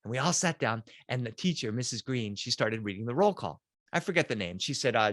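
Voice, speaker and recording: A middle-aged man telling a children's story in an animated, playful way. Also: medium pitch, fairly quick, dry recording, studio quality.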